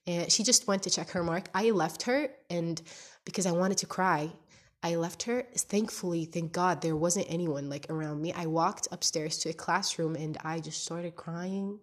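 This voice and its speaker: Stuffy-nosed young woman in a candid video diary. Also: fairly low pitch. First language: not English. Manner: candid, rambling, searching for words. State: stuffy nose from crying. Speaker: podcaster. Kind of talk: casual confessional video diary.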